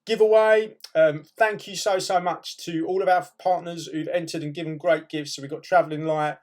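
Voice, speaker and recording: A man's voice: on the high side, steady tone, moderate pace, a little mellow. A man hosting his own vlog, chatting upbeat and casual from his van. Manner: upbeat, says brilliant a lot. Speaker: vlog host. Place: in a van, then outdoors.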